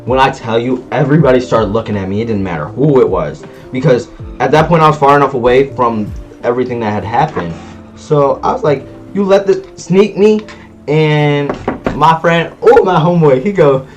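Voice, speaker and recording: A man with a slightly high voice tells a story in a casual vlog, talking in easy slang. He acts out sounds as he goes. Soft music plays underneath. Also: normal speed. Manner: animated storytelling, loud sound effects. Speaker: vlogger.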